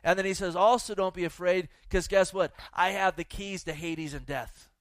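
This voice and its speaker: A man's voice: high voice, normal speed, fairly bright tone, dry recording. A male pastor preaching a fervent sermon to a church audience, exhorting the listeners and reading scripture. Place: church with a live and online audience.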